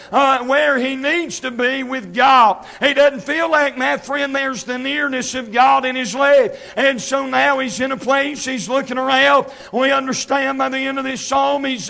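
A man preaching an impassioned sermon, swinging from shouted scripture to quiet asides. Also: very high-pitched, creaky. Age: 30s.

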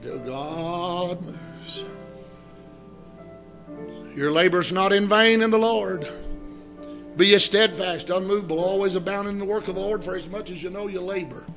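A man preaching a sermon, telling a story and rising into fervent shouting. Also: high-pitched, brisk, faint music behind.

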